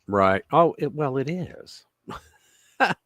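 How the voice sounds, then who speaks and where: A man's voice: mid-range voice, slow pace, no room sound. A man hosting a live political commentary stream, talking casually with sarcastic, mocking asides. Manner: animated and sarcastic, mocking voices. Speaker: host.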